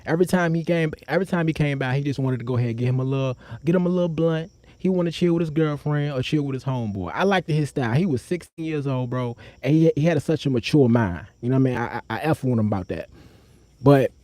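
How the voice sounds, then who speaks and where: A man's voice: expressive, fast talker, dry recording. A young man telling a personal story on a live stream, in a loose, slangy way, breaking off to talk to the chat. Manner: acts out other people's voices with sharp jumps up in pitch.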